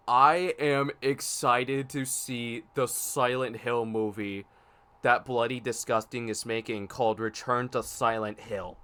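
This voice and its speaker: A man with a smooth, resonant voice co-hosts a casual podcast. He talks eagerly about what he is looking forward to and offers confident predictions, at a mid-range pitch. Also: bright, forceful tone. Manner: enthusiastic, makes predictions, frustrated by tech issues. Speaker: podcast co-host.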